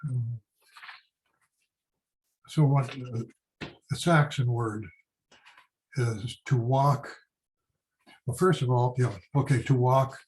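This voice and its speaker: An older man giving an informal history lecture, halting with many fillers and restarts as he explains. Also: medium pitch, fairly even intonation, darkish tone, poor audio. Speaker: history teacher.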